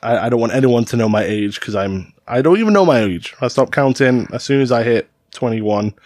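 A man's voice: mid-range voice, a little fast, darkish tone, no room sound, clean studio sound. A man co-hosting a podcast, reading out stories in a casual, jokey way and swearing freely. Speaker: podcast co-host narrating stories.

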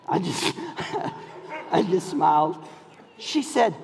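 A middle-aged man preaching a sermon, telling a story in an animated way, often laughing and shouting. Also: high voice, drawn-out words, creaky, long pauses, slight background noise. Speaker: pastor. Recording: long hall reverb.

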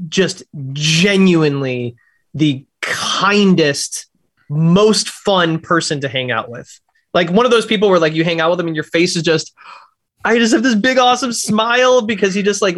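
A man guest on a podcast, chatting casually about his film, quick and excitable, swearing freely. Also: high voice. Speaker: filmmaker guest.

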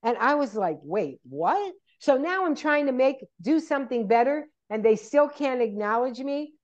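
A woman's voice: high-pitched, moderate pace, dull audio. A woman in casual chat, telling stories and acting out what people said to her. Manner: animated storyteller, acts out quoted people.

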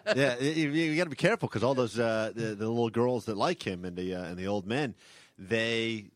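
A man's voice: medium pitch, brisk, no echo. A man co-hosting a casual podcast, teasing and restarting his sentences. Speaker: podcast co-host. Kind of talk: casual chat.

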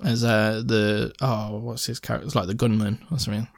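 A man's voice: fairly low pitch, flat delivery, fairly quick, gravelly, no echo, studio quality. Rambling, sweary young man. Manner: rambling, sweary, laughs often. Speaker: podcast co-host. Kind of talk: casual film chat.

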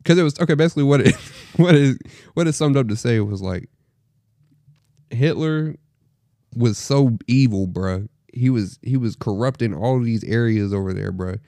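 A young man co-hosting a podcast, chatting casually in an animated, slangy way with plenty of swearing. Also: medium pitch, moderate pace, no echo. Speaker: podcast co-host. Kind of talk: casual chat.

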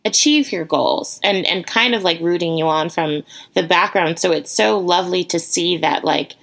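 A woman's voice: lowish voice, moderate pace, creaky, a bit bright. A woman hosting an interview, chatting casually and supportively with many fillers. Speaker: podcast host.

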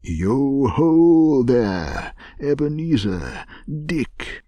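A man voicing a jovial, portly old merchant in a storybook reading, calling out in a hearty, booming way. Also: very animated, drawn-out words, dark tone, no room sound.

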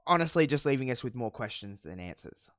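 Animated host with a dry close sound. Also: medium pitch, fairly quick, no room sound. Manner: animated storytelling, profane, laughing. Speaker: podcast host recapping wrestling. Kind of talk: casual chat.

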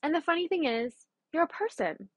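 A young adult woman hosting her own podcast, talking in a chatty, blunt and animated way, with the odd swear word. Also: sits high, a little fast, dry recording. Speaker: podcast host. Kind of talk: casual solo podcast monologue.

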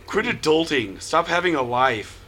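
A man's voice: on the high side, expressive, measured pace, pushed and bright, slight background noise. A man, a podcast guest, chatting casually and making dry, teasing remarks. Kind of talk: casual chat.

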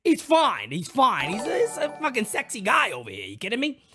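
A man's voice: extremely high pitch, moderate pace, music in the background. Hyped-up man hosting a live stream. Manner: loud, excitable, shouts out chat names.

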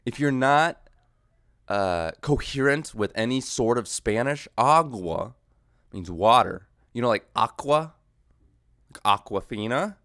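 A man hosting a solo podcast, rambling through a comedic monologue, losing his train of thought and jumping into yelled mock voices. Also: fairly low pitch, dry recording, clean studio sound. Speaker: podcast host.

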